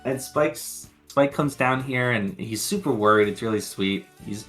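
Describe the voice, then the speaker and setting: A man's voice: medium pitch, a little slow, a bit bright, soft background music. A man co-hosting a podcast, chatting casually and rambling through episode recaps, swearing freely and laughing often. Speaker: podcast co-host.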